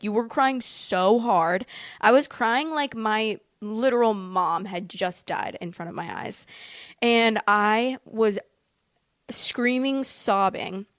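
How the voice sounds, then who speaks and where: A woman's voice: mid-range voice, no room sound, clean studio sound. A woman telling a personal story in a casual, rambling way, packed with fillers and emotional asides. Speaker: vlogger.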